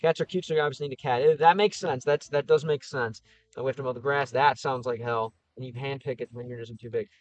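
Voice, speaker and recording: A man's voice: medium pitch, fairly even intonation, fast, no room sound, rough recording. Easygoing man chatting on a livestream. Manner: easygoing, thinks aloud with frequent restarts. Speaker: streamer answering live chat. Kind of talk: casual livestream chat.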